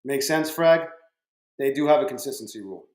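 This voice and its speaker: A man hosts a casual trading livestream from a room at home, swearing freely and greeting chat viewers by name. His mid-range voice has a darkish tone, lively intonation and a brisk pace. The room gives a roomy echo.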